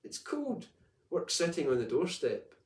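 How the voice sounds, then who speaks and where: A man's voice: a little high, huge pitch swings, measured pace, pitched above the performer's own voice. Man reading old widow mother, kind, homely, echoey far sound. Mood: kindly. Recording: echoey room, distant mic.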